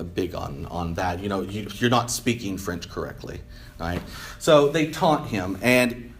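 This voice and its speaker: A man giving a casual history lecture, rambling with many fillers and often asking "right?". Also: lowish voice. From United States. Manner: rambling, many ums and restarts, asks "right?". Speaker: history teacher.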